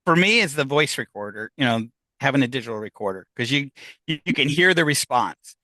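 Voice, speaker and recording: Man, paranormal investigator, casual interview, rambling, bright voice, dry recording. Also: mid-range voice, lively intonation, a little fast, no echo. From United States. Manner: rambling, many restarts and fillers.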